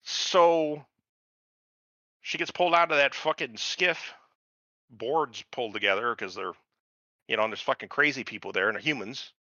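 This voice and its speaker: A man's voice: medium pitch, dry recording, dull audio. A man co-hosting a podcast in casual chat, swearing and laughing as he rants. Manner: animated, profane, laughs while ranting. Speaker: podcast co-host.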